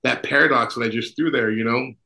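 Bright-voiced priest chatting loosely. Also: male voice, mid-range voice, brisk, creaky, low-quality recording. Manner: rambling, full of fillers and asides. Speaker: Orthodox priest, podcast co-host. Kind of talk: casual conversational chat.

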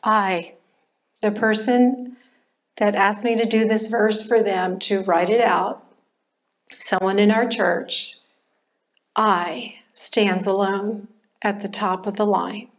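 An older woman shares a personal testimony in a church class, taking her time over each phrase. Her voice sits at a middle pitch, and she talks in a reflective way, pausing often and restarting her sentences as she goes. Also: fairly even intonation. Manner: slow, reflective, with pauses and restarts. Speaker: church member sharing testimony.

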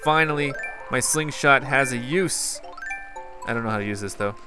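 A man's voice: mid-range voice, normal speed, music in the background. A man giving casual, rambling gameplay commentary and talking straight to his viewers. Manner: rambling, chatty, talks to viewers. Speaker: gaming YouTuber.

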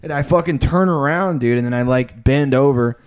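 A man's voice: mid-range voice, normal speed, smooth. Crude, rambling young man telling a story. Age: young adult. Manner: rambling, crude, animated, mimics a drawling old doctor. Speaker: podcast co-host telling a story. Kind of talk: casual comedic storytelling.

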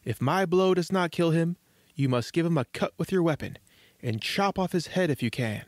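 A man's voice: fairly high pitch, animated, normal speed, no room sound, voice pushed up, lightly acted. An earnest, loving old father from a fairy tale speaks with a slightly raised voice, as a man reads him aloud. The recording is close and dry.

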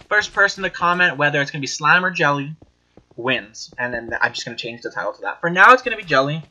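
A man hosting casual gameplay commentary, talking in an excitable, giggly and foul-mouthed way. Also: mid-range voice, low-quality recording. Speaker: gaming channel host.

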